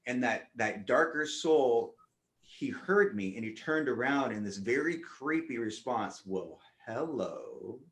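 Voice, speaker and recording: A man's voice: medium pitch, expressive, unhurried, fairly bright tone, echoey room. A man on a spiritual round-table panel, earnestly telling a vivid first-person story with frequent restarts.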